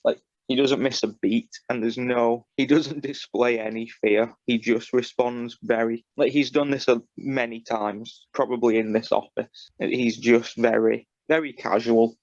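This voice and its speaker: A man's voice: medium pitch, fairly even intonation, measured pace, hardly any pauses, a little mellow, dry recording, highs cut off. A man co-hosting a podcast, talking in a loose, rambling way with many fillers. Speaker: podcast co-host. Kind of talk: casual chat.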